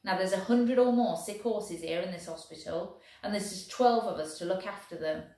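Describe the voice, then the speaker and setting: A woman voicing a booming, gruff male army sergeant who barks orders. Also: normal speed, warm tone, lightly acted. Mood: bossy. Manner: barking orders. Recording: very echoey room.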